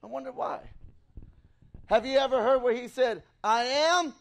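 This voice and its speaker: A man preaching an excitable sermon in a church, pausing for a live interpreter and calling out to the congregation. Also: very high-pitched, gravelly. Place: church sanctuary.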